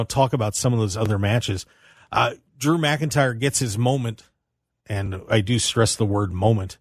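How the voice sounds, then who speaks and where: A man hosting a radio talk show from a studio by himself, upbeat and animated, hollering and laughing between topics. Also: medium pitch, no room sound. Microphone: studio microphone.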